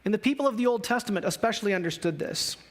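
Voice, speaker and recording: A man's voice: high voice, animated, rapid-fire. A man pastor preaching a sermon in a conversational style, with emphatic rises when he speaks for God and the prophets. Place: church sanctuary.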